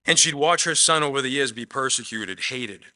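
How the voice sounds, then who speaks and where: Very bright-voiced male preacher. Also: medium pitch, normal speed. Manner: conversational preaching, often says "man"; swings between loud emphatic lines and soft quiet asides. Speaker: pastor. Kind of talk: sermon.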